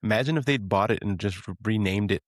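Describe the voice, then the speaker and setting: A man's voice: lowish voice, fast talker, no room sound, studio quality. A man from co-hosting a podcast, teasing and joking in casual chat. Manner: joking, teasing, laughs often. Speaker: podcast co-host.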